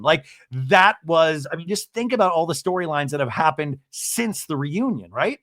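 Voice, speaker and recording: A man hosting a podcast, giving an animated, chatty recap of a reality-TV episode and often asking listeners "right?". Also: on the high side, unhurried, few pauses, no echo, studio quality. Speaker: podcast host.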